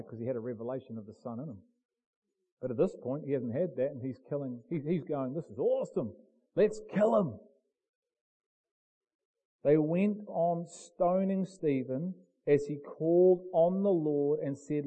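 A man preaching a sermon, swinging from quiet murmurs to loud, dramatic cries. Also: fairly high pitch, low-quality recording.

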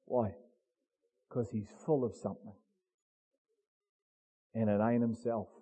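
A man preaching a sermon, swinging from quiet murmurs to loud, dramatic cries. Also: on the low side, fairly even intonation, slow, husky, low-quality recording.

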